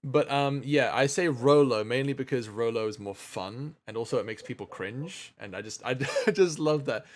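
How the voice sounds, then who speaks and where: A man's voice: medium pitch, normal speed, hardly any pauses. Giggly man chatting on stream. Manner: playful, giggly, rambling with restarts. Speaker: streamer hosting a birthday stream. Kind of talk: casual chat.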